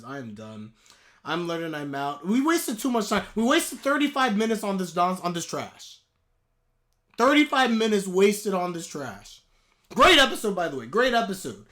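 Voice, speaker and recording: A man ranting in a live anime reaction, heated and exasperated, with sudden loud outbursts. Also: fairly high pitch, very animated, quick pace.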